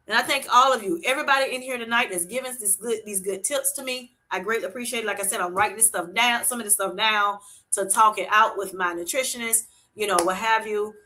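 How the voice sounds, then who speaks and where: A woman hosting a casual livestream, reading viewers' comments aloud and telling animated stories with plenty of laughter and endearments like "honey" and "sweetheart". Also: medium pitch, slight background noise. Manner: animated storytelling, laughs often; uses Southern-style endearments like honey and sweetheart. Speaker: livestream host reading chat.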